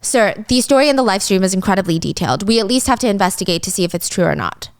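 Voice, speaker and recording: A woman's voice: medium pitch, animated, rapid-fire, no echo, studio quality, close to an everyday voice. A woman voicing an earnest young male police officer pressing his boss. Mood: insistent.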